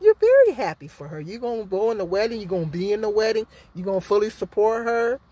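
A woman's voice: medium pitch, very animated, fast, mellow. A middle-aged woman vlogging her opinions, emphatic and full of rhetorical questions, often asking "okay?". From Michigan, United States. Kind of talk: casual opinion vlog.

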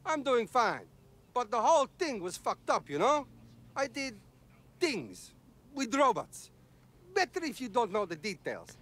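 A blunt laid-off tech worker from a video game, his English clipped and broken. The voice sits high and swings widely in pitch. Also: huge pitch swings, unhurried, fairly bright tone, exaggerated voice.

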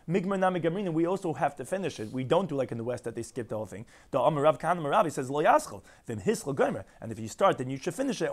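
Rapid-fire rabbi teaching Talmud. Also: male voice, fairly high pitch. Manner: rapid explanatory delivery, reads and translates text line by line. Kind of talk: daily Talmud lesson.

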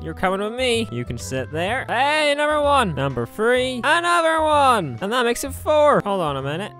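Excitable man narrating gameplay. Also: very high voice, moderate pace, faint music behind. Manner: excitable, exclaiming, swearing, talking to objects. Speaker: gaming YouTuber. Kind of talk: let's play commentary.

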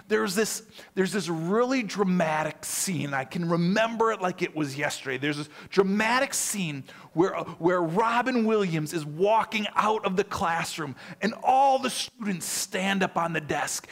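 High-voiced man preaching a sermon. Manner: lively, often checks in with the listeners; frequent repeats and restarts. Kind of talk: sermon with personal storytelling.

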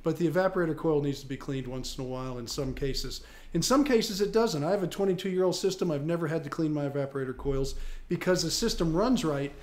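Male radio host, home repair advice, plain-spoken and methodical, slightly high pitch. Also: fast, a little mellow. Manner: plain-spoken, explains step by step. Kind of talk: casual radio call-in advice.

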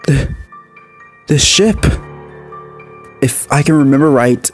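A man voicing a frightened young male pup who speaks in a shaky, halting way. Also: mid-range voice, steady tone, a little mellow, faint music behind, close to an everyday voice. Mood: shaken.

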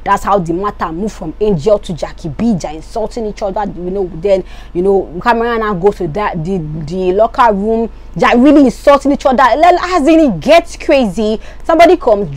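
A woman's voice: medium pitch, normal speed, few pauses. A woman, chatting casually as she recaps reality show gossip with lots of asides. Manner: chatty, animated, lots of "you get me".

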